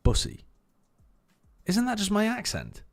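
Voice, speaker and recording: A man's voice: mid-range voice, very animated, moderate pace, soft background music. An English man streaming a watch party, chatting casually, playful and laughing often as he jokingly argues with his chat.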